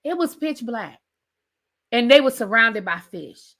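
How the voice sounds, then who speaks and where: A woman's voice: fairly high pitch, expressive, measured pace, long pauses, fairly bright tone. A woman hosting a reality TV recap, ranting in a sassy, conversational way and talking straight to her viewers. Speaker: TV recap host. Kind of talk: animated reality TV rant.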